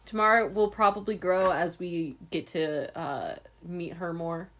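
A woman's voice: fairly low pitch, fairly even intonation, unhurried. A woman co-hosting a podcast, gushing and giggling as she rambles casually about favorite characters. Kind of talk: casual chat about books.

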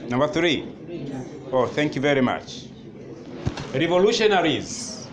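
A male history teacher dictates notes to a class, slowly repeating each phrase. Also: on the high side, very animated. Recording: noisy classroom ambience.

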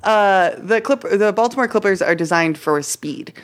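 A woman's voice: medium pitch, moderate pace. A woman hosting a podcast, telling a history story in a casual, chatty way with many fillers and restarts.

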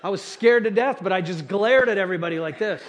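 In this sermon, a middle-aged male pastor talks quickly in a high voice, with a faint hiss or hum on the recording. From the church stage he recounts his own blunders in a chatty, self-mocking way and keeps addressing the congregation directly.

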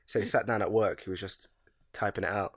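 A man's voice: lowish voice, steady tone, fast talker. A young man, co-hosting a podcast in slangy, laid-back banter. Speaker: podcast co-host. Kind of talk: casual chat.

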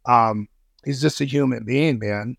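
The guest, a male intelligence analyst on a podcast, has a gravelly mid-range voice and takes a measured pace. He chats informally, swearing and using slang, with many fillers and restarts. The recording carries no room sound.

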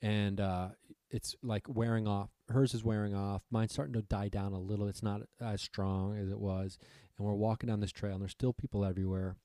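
A man's voice: lowish voice, flat delivery, normal speed, warm tone, dry recording, studio quality. A man telling a long rambling story in casual chat, swearing freely and acting out what people said.

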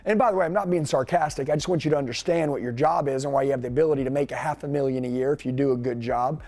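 A man coaching salespeople in an energetic, punchy way, firing off rhetorical questions. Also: mid-range voice, rapid-fire. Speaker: sales trainer.

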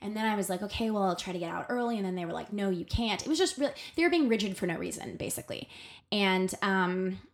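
On a podcast, a young woman animatedly relates a work story in a loose, chatty way, acting out quotes and leaning on fillers. She has a medium pitch and talks quickly.

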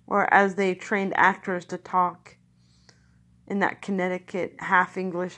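Slow, gravelly woman chatting casually. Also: fairly low pitch, steady tone, a bit bright. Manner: rambling, chatty, nostalgic, breaks into song. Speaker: vlogger reviewing films. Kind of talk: casual chat.

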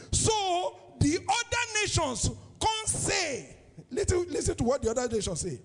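A Nigerian-accented male pastor preaches in a very high, gravelly voice that swoops up and down in a lilting, sing-song way. He drags out his words slowly and keeps calling questions out to the congregation. The sound rings out with the long echo of a big church hall. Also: very animated. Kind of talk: sermon. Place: church service.

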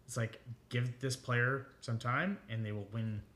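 A man's voice: medium pitch, fairly even intonation, unhurried, fairly bright tone. A man co-hosting a casual podcast chat and dropping dry quips.

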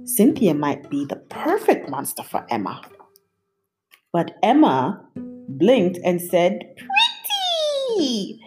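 A storyteller, a woman, reads a picture book aloud slowly and expressively, her pitch swinging widely up and down. Faint, soft guitar plays beneath her voice.

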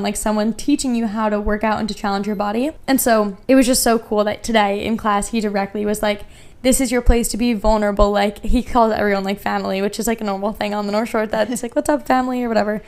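A young woman hosts her podcast in a casual solo chat. She gushes and rambles, dropping "like" into nearly every sentence. Her voice is smooth and clear, with a middling pitch. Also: a little mellow. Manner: chatty and gushing, heavy use of "like". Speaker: podcast host.

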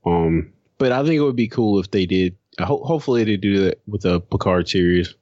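A man's voice: low voice, animated, a little fast, a little mellow, no room sound, highs cut off. A man co-hosting a podcast in casual chat, loose and rambling with lots of "like" and "you know". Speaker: podcast co-host.

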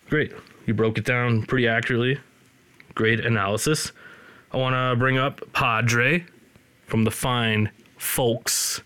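A man's voice: mid-range voice, sharp tone, clear, resonant tone, no room sound. Rambling, joking male podcast host. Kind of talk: casual chat. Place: his studio.

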